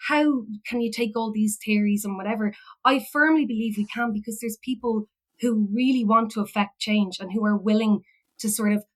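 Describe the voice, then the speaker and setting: A woman's voice: mid-range voice, rough recording. An Irish woman, a philosophy educator, telling a personal story in a rambling way, full of fillers and restarts. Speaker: podcast guest, philosophy educator.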